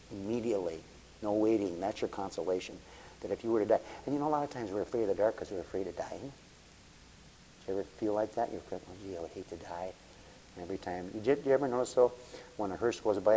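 A man's voice: deep voice, dark tone, slight background noise, rough recording. A man preaching a folksy sermon as pastor, calling listeners honey and sweetheart.

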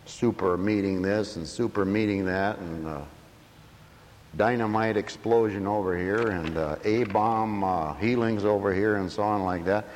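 A man preaching a sermon emphatically, dropping to quiet asides and rising to shouts. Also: fairly low pitch, a little slow, slight background noise. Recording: echoey hall.

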